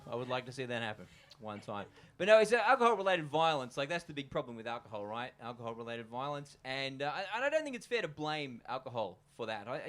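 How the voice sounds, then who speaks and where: A man's voice: mid-range voice, fairly bright tone. A young man with an Australian accent doing a loose, chatty stand-up comedy set at a live venue, full of fillers and asides to the crowd.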